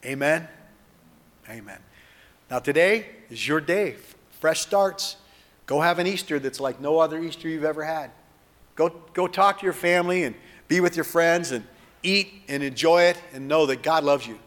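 A man preaching and leading the listeners in an earnest spoken prayer, moving between hushed lines and fervent ones. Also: on the high side, moderate pace, big-room sound. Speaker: pastor.

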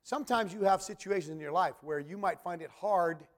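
A man preaching a sermon, telling a story with animated acted-out quotes and questions to the congregation. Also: high voice, brisk. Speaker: pastor.

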